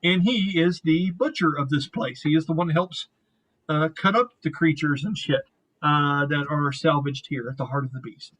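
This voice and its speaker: This man narrates a tabletop game as its game master. His voice is fairly high for a man. He talks in a casual, rambling way with some swearing. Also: normal speed, fairly bright tone, rough recording.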